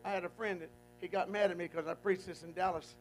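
A man's voice: high-pitched, steady tone, quick pace, a little hiss or hum, low-quality recording. A man preaching a folksy, call-and-response sermon, emphatic and repetitive. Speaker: guest preacher.

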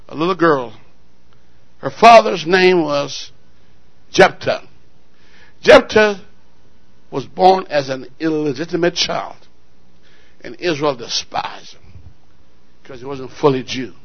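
A man's voice: sits high, fairly bright tone. A male pastor preaching a sermon, telling a story dramatically and calling out to the congregation. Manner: dramatic storytelling, call-and-response.

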